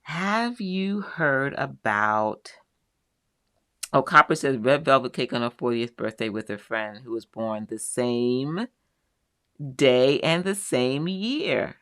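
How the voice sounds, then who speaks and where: A woman's voice: a bass voice, expressive, takes it slowly, a bit bright, no echo, studio quality. A middle-aged woman hosting a live quilting show, chatting casually as she reads out viewers' comments and answers them one by one.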